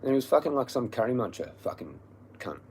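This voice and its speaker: An Australian man on a livestream, telling a story as an angry, profane rant that swings between low muttering and loud yelling. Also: very animated, fast talker, a little hiss or hum, low-quality recording. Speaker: livestream host.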